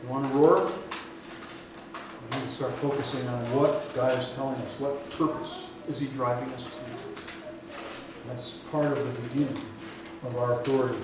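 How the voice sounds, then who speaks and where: A man's voice: mid-range voice, little pitch movement. Fervent preacher man in an echoey hall. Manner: storytelling preacher, swings from loud emphatic peaks to quiet, drawn-out endings. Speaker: pastor. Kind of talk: sermon. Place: church sanctuary. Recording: echoey hall, recorded from far off, audible room noise.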